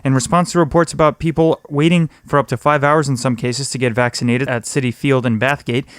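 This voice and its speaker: A man hosting a news podcast, reading a scripted roundup of the week's local news in a brisk, steady delivery. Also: mid-range voice, dry recording, clean studio sound.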